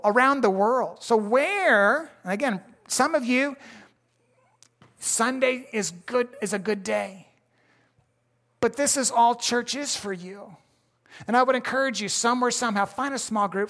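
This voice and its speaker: A man's voice: extremely high pitch, a bit bright. A man preaching a sermon as pastor, in a folksy, conversational way, often restarting his sentences.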